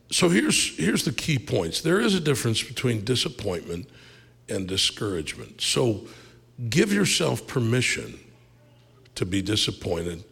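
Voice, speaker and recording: A male pastor with a gravelly edge to his voice preaches in an easy, conversational way, now and then jumping up with energy. His voice carries a long echo from a large church hall. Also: on the low side. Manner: animated, conversational preaching with asides and laughs. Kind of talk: sermon. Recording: reverberant hall.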